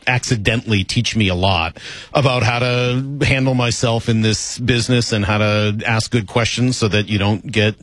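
A man's voice: lowish voice, normal speed. Chatty male sports radio host. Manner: chatty, animated, conversational.

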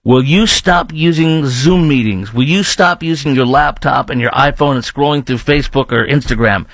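A man's voice: medium pitch, normal speed, a bit bright, dry recording. A man hosting a political talk radio show, speaking emphatically, repeating himself and firing rhetorical questions.

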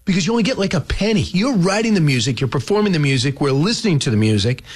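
A man's voice: on the high side, animated, quick pace, slightly rough. A man hosting a radio talk show, asking earnest, leading questions of his guest. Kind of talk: interview.

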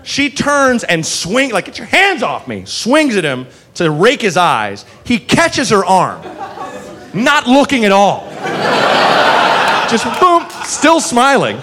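A man telling a profane, animated story as a stand-up comedian, full of quick asides. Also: high-pitched.

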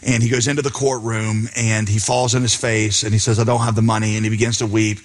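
A man's voice: on the low side, level tone, a little fast. Preacher man in a reverberant hall. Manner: storytelling, acting out characters' lines. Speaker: pastor. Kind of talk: sermon.

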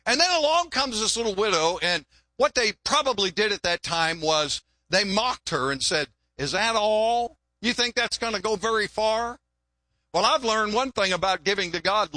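A man's voice: high voice, pushed and bright, dry recording. An older man, a longtime pastor, preaching a folksy, joking sermon and often repeating words.

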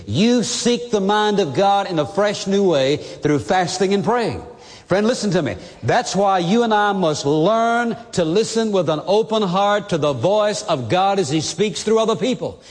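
A man's voice: high-pitched, big-room sound. A man preaching a sermon as pastor, speaking earnestly and directly to the listener.

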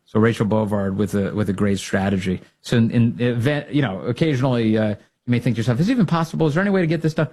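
A man's voice: mid-range voice, fast, hardly any pauses, a little mellow. A man hosting a political talk show, giving emphatic, rallying commentary and repeating phrases for punch. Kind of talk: opinionated commentary.

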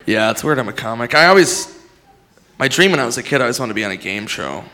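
A man's voice: medium pitch, expressive, fast, pushed and bright, slight background noise. A man doing a stand-up set, rambling loosely and swearing often. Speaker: stand-up comedian.

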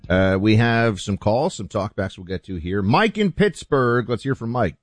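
A man's voice: fairly low pitch, animated, normal speed, no room sound. A middle-aged man hosting a talk radio show, speaking loosely with fillers and restarts, with music faint behind him.

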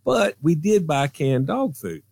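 Brief: lively radio storyteller man, mid pitch, swings a lot, dry close mic. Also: a little slow, vocal fry, breathy edge, no echo. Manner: animated, acts out voices. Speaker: radio show regular. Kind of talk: casual storytelling.

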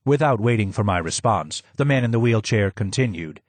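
A man narrating an audiobook in a steady, measured reading. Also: lowish voice, no room sound.

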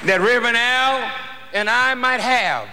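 A man giving an impassioned speech to an audience, preaching with slow, deliberate emphasis and rising to shouts. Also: very high-pitched, a faint crowd. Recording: echoey hall with faint noise.

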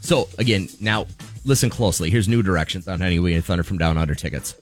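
A man's voice: sits low, quick pace, faint music behind. A man co-hosting a morning radio show, explaining contest rules in upbeat banter.

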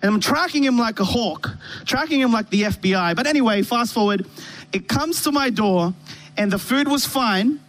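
Guy preaching on a church stage, pretty high voice, animated story, keeps restarting lines. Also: moderate pace. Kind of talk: sermon.

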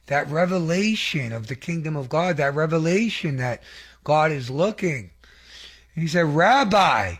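A man giving an earnest, conversational testimony sermon, rambling with fillers and restarts and asking the audience to affirm him. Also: on the high side. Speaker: lay preacher giving testimony.

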